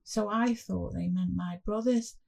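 A woman's voice: mid-range voice, measured pace, vocal fry, dark tone. A woman voicing a frightened five-year-old boy who speaks in a small, pleading voice in a spoken story. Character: scared little boy, five years old.

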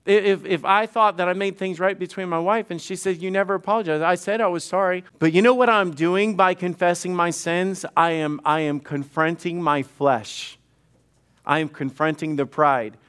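A man's voice: high-pitched, steady tone, moderate pace, a bit bright, clear, resonant tone. A middle-aged male pastor preaching conversationally, often repeating words and acting out quoted dialogue. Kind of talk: sermon.

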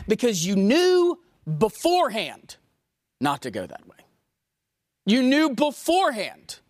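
Woman preacher giving a sermon, really animated, voice up then way down, dry close sound. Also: high-pitched, dry recording. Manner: emphatic, swings from raised to hushed; rhetorical questions to the congregation.

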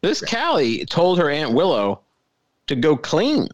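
A man's voice: on the high side, wildly swooping pitch, measured pace, no echo, highs cut off. A man co-hosting a podcast, joking and teasing through casual chat about a film. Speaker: podcast co-host. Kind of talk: casual movie-review chat.

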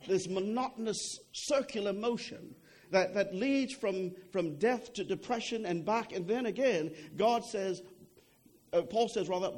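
A man's voice: high-pitched, expressive, a little slow, darkish tone. A young adult man preaching a sermon in a conversational way, often checking in with "okay?" and repeating words as he goes.

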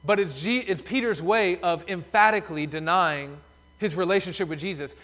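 A man's voice: high voice, normal speed, fairly bright tone. A man preaching a sermon as pastor in a church sanctuary, telling the story emphatically. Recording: long reverb of a church hall.

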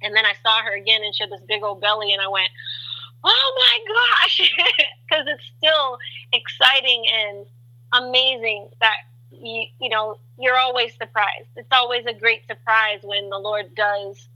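A woman appearing as a guest on a faith talk show tells her testimony with animation, voicing characters through big leaps in pitch. She speaks at a moderate pace, and the recording quality is low.

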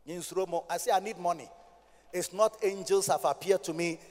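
High-voiced Ghanaian preacher in a hall. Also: male voice, fairly even intonation, fairly quick. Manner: preaching that swings from low talk to loud shouting, sing-song. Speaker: pastor. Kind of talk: sermon. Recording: hall reverb.

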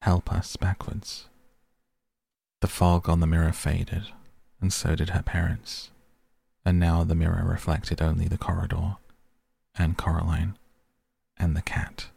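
A man reading a story aloud in a measured, storytelling manner. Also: low voice, monotone, vocal fry, dark tone, slightly rough. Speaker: narrator. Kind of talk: audiobook narration.

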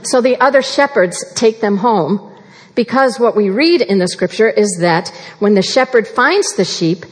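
A woman preaching a sermon in an earnest, measured way, slowing down to stress key phrases. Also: mid-range voice, expressive, husky. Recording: long reverb of a large hall.

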